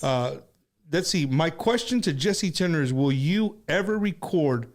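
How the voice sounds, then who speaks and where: A man hosting a casual interview show, chatting in a relaxed way with frequent restarts. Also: fairly high pitch, measured pace. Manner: relaxed, repeats and restarts words. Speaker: host.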